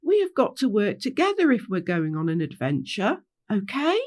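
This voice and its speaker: A woman's voice: mid-range voice, huge pitch swings, normal speed, darkish tone. A woman voicing a bossy, impatient boy hedgehog who leads his siblings in a storybook. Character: bossy boy hedgehog leader, older brother.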